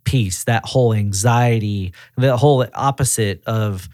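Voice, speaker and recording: This regional director of auto repair shops, whose voice is on the low side and a little slow, gives a casual podcast interview. He brings his stories to life by performing the quoted dialogue. The sound is clean studio audio with no echo.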